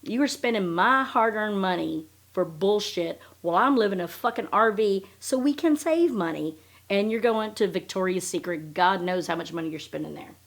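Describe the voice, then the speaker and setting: A woman's voice: fairly low pitch, gravelly. A woman hosting a podcast, ranting in a blunt, sarcastic way with lots of swearing. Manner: blunt, sarcastic and heavily profane. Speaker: podcast host. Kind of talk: casual ranting podcast commentary.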